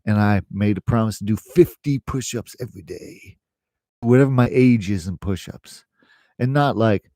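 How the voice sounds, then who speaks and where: Man, middle-aged, rambling chatty vlog talk, fillers and chuckles, low voice. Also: expressive, moderate pace, a little mellow, no room sound, clean studio sound. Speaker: English teacher and vlogger. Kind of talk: casual talk to camera.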